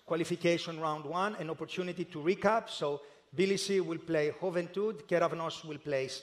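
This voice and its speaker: Higher-voiced man presenting a draw ceremony. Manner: measured and methodical, with occasional hesitations. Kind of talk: formal live announcing. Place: indoor ceremony hall.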